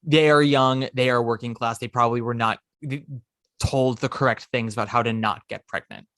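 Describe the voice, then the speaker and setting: A man hosting a podcast, casually recounting a musical's plot with lively asides. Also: mid-range voice, moderate pace, no room sound, studio quality. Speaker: podcast host. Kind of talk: casual chat.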